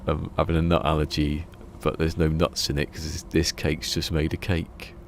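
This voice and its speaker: Deep gravelly man, rambling. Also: completely flat delivery, normal speed, a little hiss or hum. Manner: rambling, chuckling storyteller. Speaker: game streamer. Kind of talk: casual live-stream chat.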